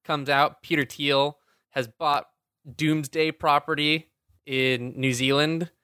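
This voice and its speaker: A man's voice: a little high, fairly even intonation, takes it slowly, bright, forceful tone, clean tone, dry recording, clean studio sound. A man co-hosting a podcast in casual chat, ranting and swearing with sarcasm. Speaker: podcast co-host.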